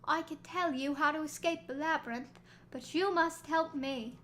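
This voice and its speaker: A woman voicing a sly young male elf from a game, reading his lines slowly and coaxingly. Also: sits high, a bit bright, slight background noise. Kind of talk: reading game dialogue aloud.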